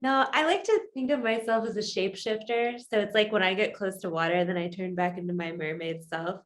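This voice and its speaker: A woman's voice: medium pitch, fairly quick. A woman, a yoga teacher and musician, talking candidly and at length as an interview guest. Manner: candid, rambling, thoughtful. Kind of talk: casual interview chat.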